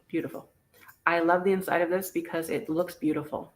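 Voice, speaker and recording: A woman's voice: on the low side, steady tone, fast. A woman hosting a live online vintage auction in a playful, joking, chatty manner. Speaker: live sale host.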